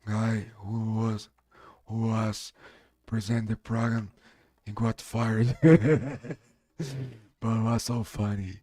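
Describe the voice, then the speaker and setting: A man from Brazil with a Brazilian Portuguese accent and a strong voice, chatting on his live stream in halting English as a non-native speaker. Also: on the low side, dark tone, dry recording. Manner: halting, searching for English words. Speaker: game streamer. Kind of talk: casual live-stream chat.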